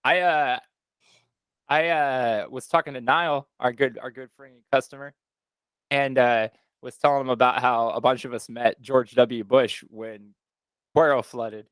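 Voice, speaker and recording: A man's voice: mid-range voice, steady tone, a little slow, a bit bright, clean tone, no room sound. A man from Texas, co-hosting a podcast and rambling through stories in casual, swearing chat. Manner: rambling storyteller, swears freely. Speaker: podcast co-host.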